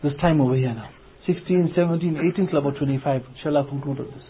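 A man's voice: on the high side, fast, slight background noise. A man giving an Islamic talk to young people, repeating phrases and asking rhetorical questions as he tells everyday stories. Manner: repetitive, rhetorical questions, anecdotal. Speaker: Muslim preacher. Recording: phone-like lo-fi.

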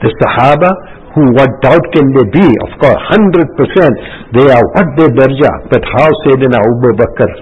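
Husky man preaching over tinny radio. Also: medium pitch. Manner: halting, with many fillers and restarts. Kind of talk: religious talk. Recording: tinny phone-like radio audio.

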